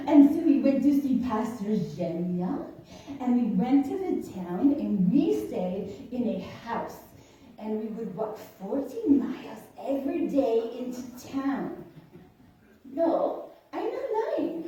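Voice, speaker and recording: A woman's voice: a little high, mellow. A woman telling a comic tall tale in a church skit, cooing to a puppy in baby talk between boasts. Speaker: church member performing a skit. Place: church hall. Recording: echoey church hall, distant mic.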